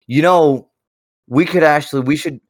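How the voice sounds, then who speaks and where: A man co-hosting a casual podcast chat, animated and swearing freely, often trailing off and restarting. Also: on the high side, moderate pace, no room sound, clean studio sound. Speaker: podcast co-host.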